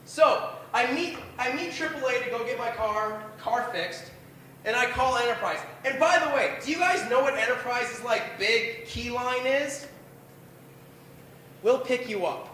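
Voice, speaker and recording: Very high-voiced man in an echoey bar. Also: moderate pace, sharp tone, slight background noise. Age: 20s. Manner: rambling, profane, self-deprecating. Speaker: open mic performer. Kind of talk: stand-up storytelling. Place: bar open mic night.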